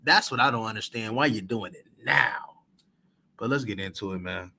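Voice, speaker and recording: A man's voice: on the low side, normal speed, vocal fry, pushed and bright. A man giving casual reaction commentary in a slangy, rhetorical way, repeating his points. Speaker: reaction channel host.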